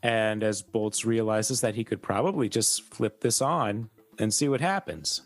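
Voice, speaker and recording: A man acting as game master, narrating a tabletop game in a relaxed, descriptive way. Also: lowish voice, measured pace. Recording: faint music behind.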